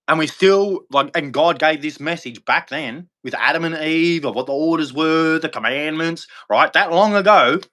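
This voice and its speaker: A man rants on a livestream about faith, his voice pitched a little high and pushed hard with a tense, forceful edge. He rambles from point to point and leaps upward in pitch whenever he stresses something. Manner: rambling, preachy, jumps in pitch for emphasis. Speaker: livestream host. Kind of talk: impassioned religious monologue.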